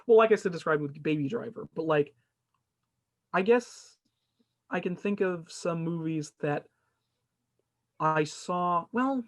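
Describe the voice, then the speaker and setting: A young man hosts a casual gaming podcast, rambling and restarting his sentences often. His voice sits a little high for a man. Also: lively intonation, a little slow, pauses often. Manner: rambling, many restarts and fillers. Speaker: podcast host. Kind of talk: casual chat.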